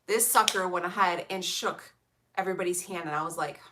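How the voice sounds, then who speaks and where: A young woman from Illinois, USA, reads her live chat and talks casually with viewers over a noisy background. Her voice sits on the low side and runs a little fast, sassy and blunt, packed with slang and swearing.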